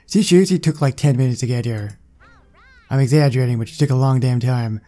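A man's voice: medium pitch, a little fast, mellow, faint music behind. A man hosting a gaming video, chatting to himself casually as he plays. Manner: chatty, talking to himself while playing. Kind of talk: casual let's-play commentary.

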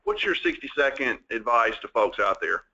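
A man's voice: medium pitch, wildly swooping pitch, normal speed, creaky, pushed and bright, lo-fi sound. A man hosting a business interview, asking chatty questions and restarting them as he goes. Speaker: interview host.

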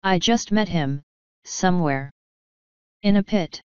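A woman's voice: lowish voice, slow pace, darkish tone, clear, resonant tone, dry recording, dull audio. A woman voicing a nervous, cowardly male wizard who talks earnestly.

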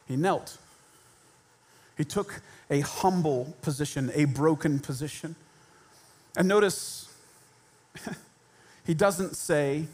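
Man preaching in church, lively and theatrical, voices the people in his stories. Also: a little high, unhurried, pauses often. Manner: animated, acts out quoted voices. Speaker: pastor. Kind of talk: sermon. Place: church sanctuary.

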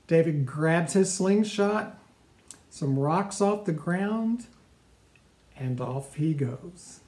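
A man's voice: a little high, lively intonation, extremely slow, pauses often, darkish tone, roomy sound. Male pastor telling a story casually. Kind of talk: sermon storytelling.

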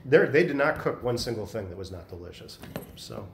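A man leading a Bible study group, telling animated stories in a casual chat. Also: on the low side, fairly quick, gravelly, slight background noise. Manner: chatty, animated storyteller. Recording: echoey room.

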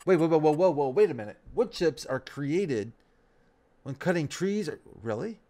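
Chatty man rambling over gameplay. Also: mid-range voice. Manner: rambling, chatty, thinks aloud while playing. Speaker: let's play host. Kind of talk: casual gameplay commentary. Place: at home, near the Great Lakes.

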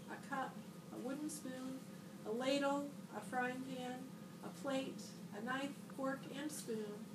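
A woman with a high voice reads a picture book aloud to children, lifting her voice brightly for the boy's shouted lines. She sits a little away from the mic. The room is echoey, with steady noise behind her. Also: recorded from a distance. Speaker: school librarian.

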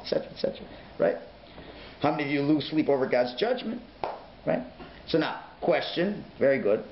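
Animated rabbi in an echoey room. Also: male voice, fairly high pitch. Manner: animated, acts out voices, sudden shouts and hushed whispers. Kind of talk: Torah class. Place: synagogue learning centre classroom. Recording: echoey room, dull lo-fi sound, faint hiss.

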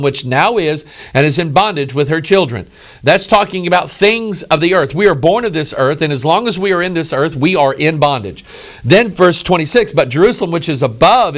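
A man preaching a sermon, reading scripture aloud and addressing listeners earnestly and emphatically. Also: on the high side.

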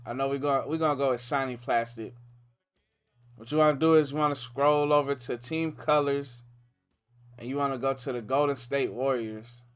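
A man's voice: mid-range voice, clean tone. Chill young dude walking through a game menu, lots of ums, keeps saying man. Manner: laid-back, says "man" often, thinks aloud with ums. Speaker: gaming YouTuber. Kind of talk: casual game tutorial commentary.

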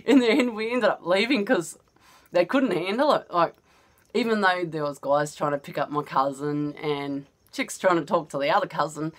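A woman's voice: fairly low pitch, normal speed. A woman with an Australian accent casually telling a personal story, chatty and often laughing as she goes. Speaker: vlogger.

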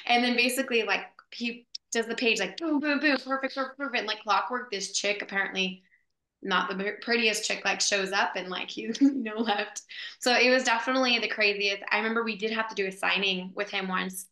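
A woman actress, a guest in an interview, telling a story in a casual, animated way with lots of fillers. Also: mid-range voice, fairly quick. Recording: echoey room.

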